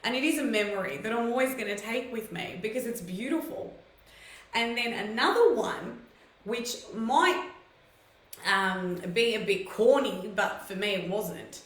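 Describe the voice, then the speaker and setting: A woman's voice: a little high, a little slow, a bit bright, reverberant, low-quality recording. A woman hosting a live stream, telling personal stories in a casual, chatty way and greeting viewers by name.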